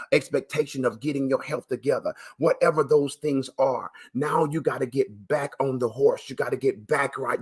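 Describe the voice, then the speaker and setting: Male motivational speaker, higher register, emphatic folksy delivery with preacher-style repetition. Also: fairly bright tone. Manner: often addresses listeners directly, folksy. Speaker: motivational speaker for dialysis patients. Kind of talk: motivational talk. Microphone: live stream to viewers.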